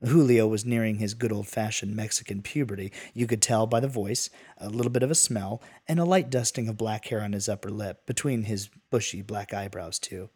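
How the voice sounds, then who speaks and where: A man's voice: on the low side, fairly even intonation, brisk, hardly any pauses, a little mellow, slightly rough. A man narrating a western tale in a folksy, casual manner with asides. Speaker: storyteller.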